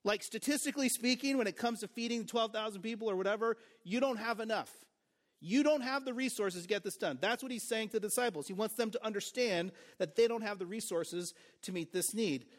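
A man's voice: sits high, brisk. A man preaching a sermon as pastor, in a casual, conversational way with joking asides, "like" and "right?".

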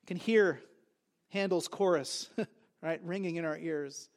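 A man with a notably high voice preaching a sermon from the pulpit. He talks in an emphatic way, climbing louder and higher when he quotes scripture, and restarts his phrases often. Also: slow pace. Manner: emphatic preaching with rising, loud quoted lines and frequent restarts. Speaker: pastor.

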